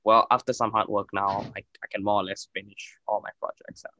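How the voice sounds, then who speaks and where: A man's voice: on the low side, little pitch movement, a little fast, sharp tone, dull audio. A young man co-hosting a podcast in casual, joking chat, swearing freely and using lots of fillers. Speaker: podcast co-host.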